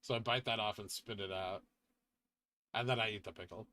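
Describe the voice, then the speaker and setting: A livestream host with a fairly low, steady voice talks fairly quickly in a pushed, bright tone. During the casual stream he reads out viewers' chat questions, responds to each, and says he's starting to tire.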